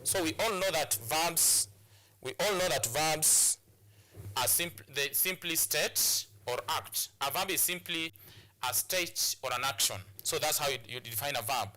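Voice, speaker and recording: A man's voice: a little high, a little slow, sharp tone. A man from Kenya teaching an English lesson on television, repeating key points and restarting phrases as he explains. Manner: repetitive, drilling points, many restarts and fillers. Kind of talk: classroom lesson on a TV show.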